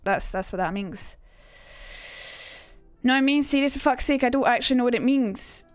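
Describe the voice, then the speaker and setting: A woman's voice: sits high, normal speed, dry recording. A young Scottish woman streaming a casual chat about accents, chatty and sweary, reading out messages from chat. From Scotland. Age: young adult.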